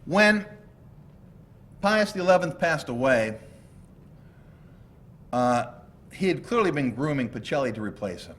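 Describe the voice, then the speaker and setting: A man from the United States giving a lecture with slides, telling history as animated stories with asides and jokes. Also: a little high, measured pace, pauses often. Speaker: law professor lecturing.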